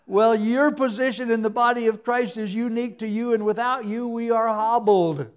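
A man's voice: very high-pitched, steady tone, moderate pace, few pauses, clean tone. A man preaching a humorous sermon, telling stories with sound effects and laughing at his own jokes.

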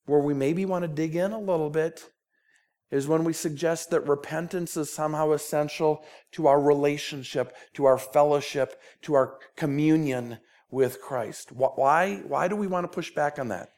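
A man's voice: a little high, moderate pace, darkish tone. A man with a Minnesota accent preaching a sermon, earnest and pleading, often repeating words as he presses his point. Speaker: pastor.

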